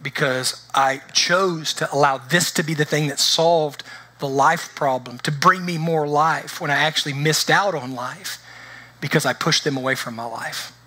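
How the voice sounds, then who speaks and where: A man preaches in church with a fairly high voice and a forceful, bright edge. His delivery is conversational and engaging, and he keeps asking the congregation whether they follow him. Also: normal speed. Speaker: pastor. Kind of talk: sermon.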